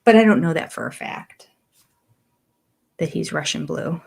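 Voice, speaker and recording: A woman's voice: lively intonation, measured pace, gravelly, breathy edge. Older woman host, casual rambling livestream chat, easy laugh. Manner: chatty, rambling, laughs often; coos in a high voice to her cats. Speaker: livestream host reviewing a reality show. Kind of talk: casual chat, reading viewer comments.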